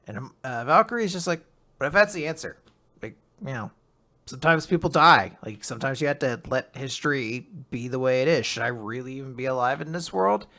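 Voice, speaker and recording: A young man co-hosting a casual manga recap, retelling chapters with animated quoted character lines. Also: medium pitch, fairly quick. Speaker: podcast co-host.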